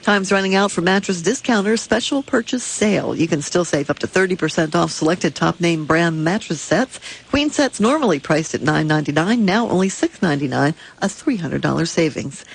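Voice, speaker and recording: Brisk woman reading traffic on radio. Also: lowish voice, animated, gravelly, breathy edge. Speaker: traffic reporter. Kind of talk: traffic report and ad read.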